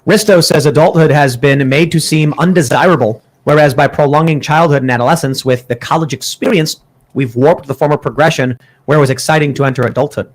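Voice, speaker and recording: Chicago guy on a podcast, rambly storyteller, kinda high voice. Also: brisk. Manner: rambling storyteller with false starts. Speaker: podcast co-host reading super chats. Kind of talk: casual chat.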